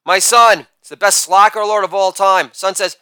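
A man in his forties delivering a rapid-fire joke monologue, brash and crude, with loud shouted catchphrases. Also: sits high, steady tone, clean tone, no room sound. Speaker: comedian.

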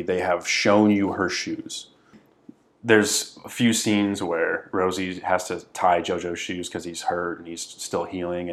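A man co-hosting a casual podcast, earnestly retelling movie scenes in close detail. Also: low voice. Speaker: podcast co-host.

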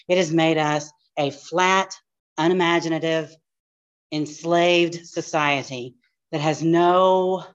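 A woman pastor with a drawl, teaching a live church class. She talks fast and animated, throwing in asides, in a lowish voice. The recording is dull and lo-fi.

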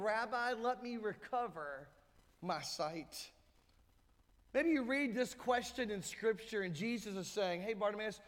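Pastor, male, high voice, emphatic sermon delivery, church reverb. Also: fairly bright tone. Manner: emphatic preaching, acts out crowd voices. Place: church sanctuary. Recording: hall reverb.

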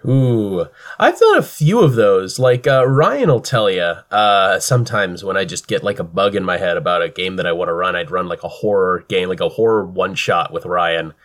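A man's voice: deep voice, animated, moderate pace, hardly any pauses, fairly bright tone. A young man co-hosting a podcast, chatting casually about running games with lots of fillers and restarts. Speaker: podcast co-host and game master. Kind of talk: casual chat.

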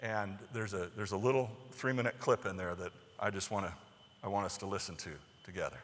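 A man giving a conversational sermon lecture, talking in an animated way to the people listening. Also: low-pitched, fairly quick, big-room sound, a little hiss or hum. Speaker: teacher or preacher.

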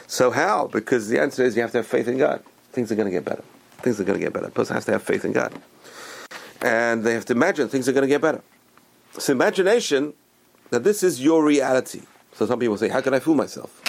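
A man's voice: fairly low pitch, gravelly, a little mellow, slight background noise. A man giving a motivational religious talk, speaking emphatically, repeating phrases and restarting his sentences.

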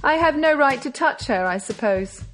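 A woman's voice: high-pitched, lively intonation, normal speed, faint music behind, voice pushed up, low-quality recording. A woman reading the lines of a stern English detective in an audiobook, clipped and threatening.

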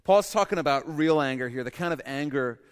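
A male pastor giving a sermon in an animated way, with humorous asides and bursts of loud emphasis. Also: a little high, a little fast, smooth, in a large hall.

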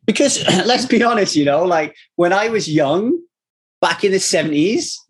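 A man, a recovery coach, talking casually in a rambling way, swearing freely and telling animated stories. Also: sits high, moderate pace, husky. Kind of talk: casual conversation.

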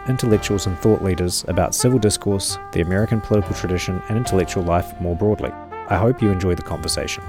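A man with a New Zealand accent who hosts an academic interview podcast and asks questions in a measured, thoughtful way. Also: low-pitched. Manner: measured, thoughtful, with small restarts. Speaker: podcast host, professor.

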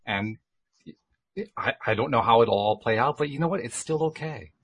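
Husky man musing in conversation. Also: mid-range voice, moderate pace, fairly bright tone. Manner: thoughtful, rambling with restarts. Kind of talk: reflective casual chat.

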